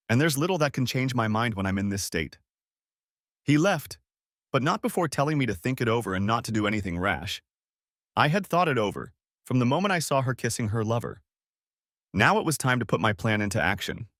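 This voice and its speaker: A man's voice: medium pitch, very animated, a little fast, fairly bright tone, no echo, studio quality. Man narrating a bitter revenge story. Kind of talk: first-person scripted story narration.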